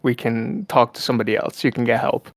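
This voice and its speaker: A man's voice: medium pitch, fairly even intonation, fast talker, vocal fry, no room sound, studio quality. A man playing a tabletop game, bantering and swearing freely as he jokes. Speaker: player.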